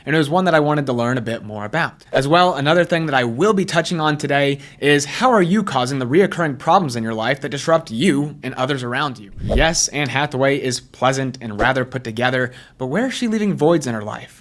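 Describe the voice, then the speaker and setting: A man's voice: mid-range voice, animated, fairly quick, few pauses, fairly bright tone. A man hosting a casual commentary video, chatty and asking himself rhetorical questions. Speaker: YouTube host, personality typing commentator. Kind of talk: casual commentary over clips.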